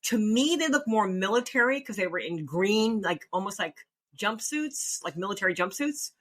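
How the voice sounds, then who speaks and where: A woman casually telling a funny personal story, animated and laughing often as she acts out her own reactions. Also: medium pitch, normal speed, slightly rough. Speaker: storyteller host.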